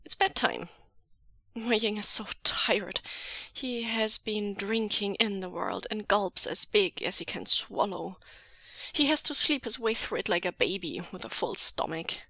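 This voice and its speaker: A woman reading fan fiction aloud in a soft, measured voice that often drops to a half-whisper, close to the mic. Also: mid-range voice, expressive, no echo. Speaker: podfic reader.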